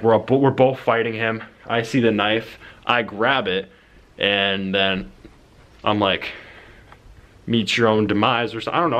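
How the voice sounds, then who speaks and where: A man's voice: fairly low pitch, sharp tone. A young man casually rambling as he lays out his film plot, full of fillers and restarts. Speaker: vlogger pitching his film idea.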